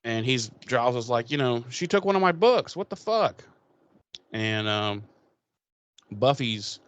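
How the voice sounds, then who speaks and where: A man's voice: lowish voice, a bit bright, clear, resonant tone, dry recording. A man co-hosting a podcast, recapping an episode in loose, profane, casual chat and paraphrasing the characters' lines as he goes. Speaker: podcast co-host.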